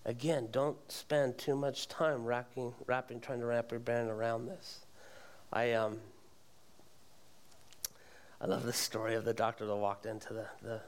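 A male pastor preaching a sermon, earnest, quizzing the congregation and repeating words as he goes. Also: mid-range voice.

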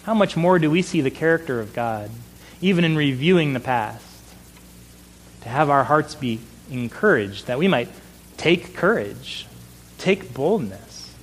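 A man's voice: a little high, lively intonation, low-quality recording. Earnest preaching man, faint hum. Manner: earnest preaching, slowing for emphasis. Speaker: pastor. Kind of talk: sermon.

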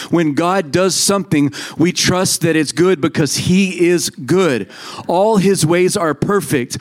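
A man in his thirties preaching a sermon in a conversational way, telling stories and acting out quoted voices. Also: high-pitched. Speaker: pastor.

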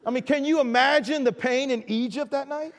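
A man's voice: extremely high pitch, fairly quick. An older male pastor telling a story in a sermon, repeating words as he restarts phrases. His raised voice carries with long reverb through a big hall.

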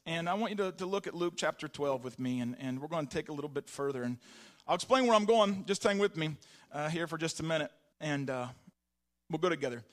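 A man's voice: a little high, fast. A man preaching a sermon as pastor, rambling with many restarts and building to fervent emphasis.

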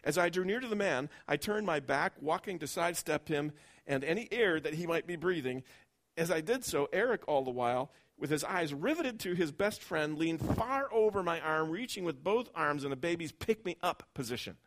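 A man in a sermon reading a first-person story aloud, telling it expressively and going soft and low at tender moments. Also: expressive, moderate pace.

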